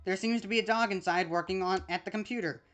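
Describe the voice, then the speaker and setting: A woman's voice: medium pitch, fast talker. A woman streaming a video game, reading the on-screen text aloud in a casual, chatty way with small asides.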